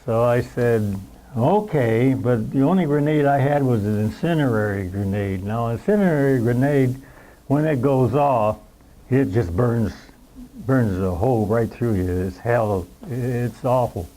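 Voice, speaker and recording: Elderly male veteran, mellow darkish tone, meandering storyteller who plays out the moments. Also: medium pitch, a little slow, poor audio. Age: 90s. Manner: rambling storyteller who acts out the scenes. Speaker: veteran recounting war memories. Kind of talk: spoken war reminiscence at a roundtable.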